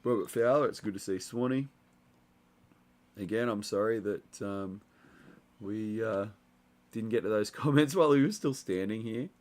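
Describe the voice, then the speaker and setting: A man's voice: fairly low pitch, normal speed, pauses often. A young man, hosting a casual livestream and chatting loosely with lots of fillers. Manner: relaxed, rambling, many fillers. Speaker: livestream host reading chat. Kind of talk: casual live chat.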